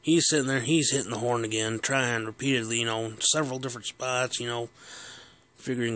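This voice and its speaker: A man's voice: medium pitch, steady tone, a little fast, fairly bright tone. A man casually telling a story from his childhood, rambling with many fillers and chuckling as he goes.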